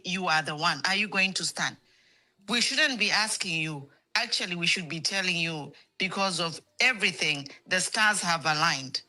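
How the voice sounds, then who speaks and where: A woman calling in to a political show, earnest and emotional, halting with many fillers. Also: mid-range voice, bright, forceful tone. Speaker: caller. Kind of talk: call-in comment to a political show.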